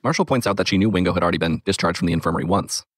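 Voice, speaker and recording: A man narrates in a measured, matter-of-fact way, reading a script as host. His voice sits very low and he talks fast. The sound is dry and close. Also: no echo.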